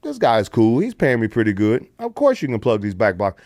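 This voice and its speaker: A man's voice: mid-range voice, fairly quick, dry recording, clean studio sound. A middle-aged American man in a casual podcast chat, telling stories with put-on voices and plenty of swearing. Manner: animated storyteller, puts on voices for quotes, swears freely. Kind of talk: casual storytelling.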